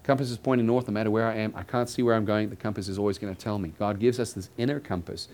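A man's voice: lowish voice, fairly even intonation, very fast, a little mellow. Chatty man preaching a casual sermon. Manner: chatty, repeats phrases, joking asides to the congregation. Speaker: pastor. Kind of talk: conversational sermon. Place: church building.

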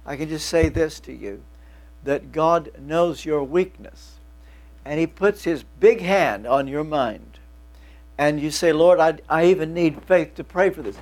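A man's voice: a little high, darkish tone. Man in his seventies preaching with a cough. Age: 70s. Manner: folksy, joking asides to the congregation. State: lingering cough. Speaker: pastor. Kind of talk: sermon.

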